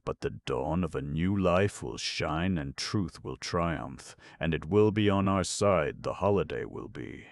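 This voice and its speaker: Brief: man doing a fervent young madman in an audiobook, raised and urgent over a deep gravelly base. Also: expressive, a little slow, hardly any pauses, no echo, studio quality. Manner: impassioned, accusing. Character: agitated young male asylum patient, bitter.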